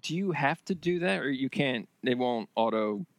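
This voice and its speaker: A man's voice: medium pitch, animated, normal speed, dry recording. Guy on a dry close mic, reacting and stumbling over words in podcast chat. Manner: reactive, easily fumbles words. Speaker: podcast co-host. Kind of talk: casual chat.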